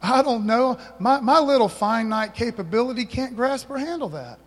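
High-voiced man preaching in a reverberant hall. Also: animated, moderate pace. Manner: emphatic call-and-response preaching. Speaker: pastor. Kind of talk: sermon.

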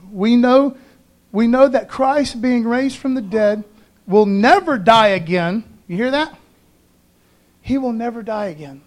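A pastor preaching an Easter sermon, fervent and emphatic, calling out to his congregation and mixing in casual asides. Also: high-pitched. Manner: conversational, peppers speech with "man".

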